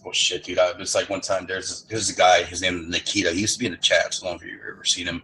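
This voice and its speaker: A man's voice: deep voice, flat delivery, fast, pushed and bright, rough recording. A man from San Antonio, Texas, talking in a rambling, profane way on an online voice chat and laughing often. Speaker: voice chat regular. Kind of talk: casual profane banter. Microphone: online voice chat mic.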